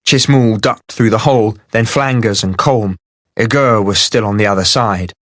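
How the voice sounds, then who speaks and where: A male audiobook narrator reading a fantasy novel in a measured, even way. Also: fairly low pitch, no room sound, clean studio sound. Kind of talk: scripted narration.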